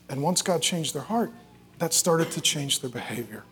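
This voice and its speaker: Animated preacher man, loud then hushed. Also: fairly high pitch, moderate pace, a little hiss or hum. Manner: animated storytelling, swinging from loud and jokey to hushed and tender. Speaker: pastor. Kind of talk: sermon.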